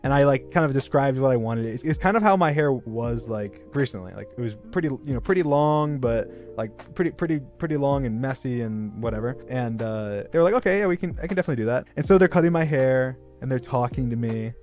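A man's voice: mid-range voice, brisk, few pauses, darkish tone, faint music behind. Young man rambling through a story. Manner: rambling, filler-heavy, self-mocking, breaks into laughter. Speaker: streamer. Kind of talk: casual storytelling on a livestream.

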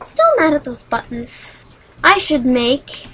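High-voiced woman chatting through a game. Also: very animated, moderate pace, bright, forceful tone, a little hiss or hum, rough recording. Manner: chatty, dramatic, bursts into high squeals. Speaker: gaming channel host. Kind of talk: solo game commentary.

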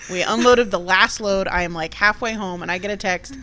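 A woman's voice: mid-range voice, fairly quick, pushed and bright. Blunt, crude-talking woman co-host. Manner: blunt, crude, swears freely. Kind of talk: casual chat.

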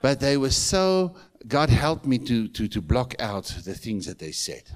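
A man's voice: mid-range voice, sing-song, measured pace. A middle-aged man with a South African accent, preaching a sermon in a church and telling stories with emphatic, rising calls. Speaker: pastor.

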